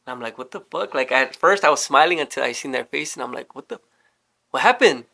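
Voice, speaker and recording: A young man casually telling a story, animated and swearing often as he acts out what people said. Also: medium pitch, fast talker, creaky. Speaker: storyteller guest.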